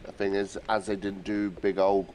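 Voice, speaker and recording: Flat, low-voiced British bloke. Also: male voice, moderate pace, slight background noise. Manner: blunt, swears casually. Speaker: stream guest, friend. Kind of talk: casual chat.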